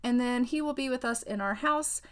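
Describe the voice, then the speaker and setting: Woman host, gaming commentary, bubbly and gushing, slightly high voice. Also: normal speed, fairly bright tone, clear, resonant tone. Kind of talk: let's play commentary.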